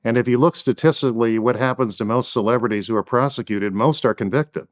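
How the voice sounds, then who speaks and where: Giving interview answers as a guest defense attorney, this man talks fairly quickly at a medium pitch. He drives his firm points home with emphatic, repeated phrasing.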